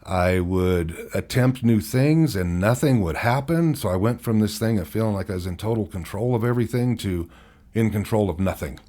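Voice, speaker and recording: Guest in his fifties, very low voice, candid and rambling, chuckles through hard memories. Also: lively intonation, moderate pace, mellow. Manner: candid, rambling, laughs at his own story. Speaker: podcast guest. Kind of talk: personal storytelling interview.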